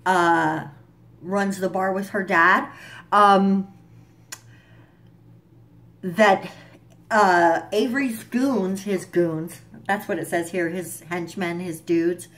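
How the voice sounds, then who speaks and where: A woman's voice: mid-range voice, a bit bright. A young woman vlogging a casual, profane recap of a TV episode, with fillers and asides. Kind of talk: casual chat.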